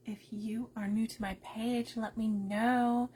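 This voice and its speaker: A woman hosting a casual crafting live stream, talking softly and keeping her voice down while unwell with a migraine, chatting to viewers as she goes. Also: on the high side, level tone, slow pace, hardly any pauses, slight background noise. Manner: soft-spoken, keeps her voice down, chatty asides to viewers.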